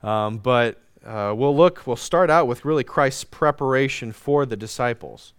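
A man's voice: medium pitch, smooth, no room sound, studio quality. A man preaching a sermon, reading scripture aloud and leading an earnest prayer. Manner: earnest preaching, slows and drops soft in prayer; reads scripture aloud in old-fashioned wording. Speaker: pastor.

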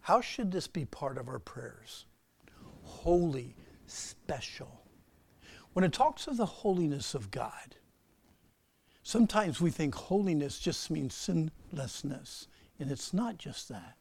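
A man preaching a sermon, swinging between loud emphatic bursts and soft, slow asides, and putting questions to his listeners. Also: fairly high pitch, big pitch swings, gravelly, breathy edge, no echo. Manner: asks the audience questions. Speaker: pastor.

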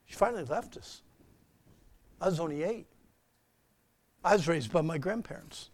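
A man preaching a sermon, swinging between loud emphatic bursts and soft, slow asides, and putting questions to his listeners. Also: fairly high pitch, lively intonation. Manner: asks the audience questions. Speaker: pastor.

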